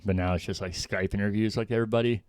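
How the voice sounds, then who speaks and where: A man's voice: fairly low pitch, steady tone, quick pace, darkish tone, clean tone, dry recording. A man co-hosting a casual podcast, talking in an easygoing way and steering the conversation to new topics. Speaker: podcast co-host. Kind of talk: casual chat. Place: remote recording, like a video call.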